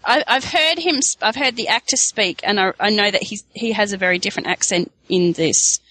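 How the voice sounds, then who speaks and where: A woman's voice: medium pitch, fairly quick, sharp tone, no echo, low-quality recording. A woman chatting in a casual fan commentary podcast, stumbling over restarts and giggling. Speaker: podcast co-host.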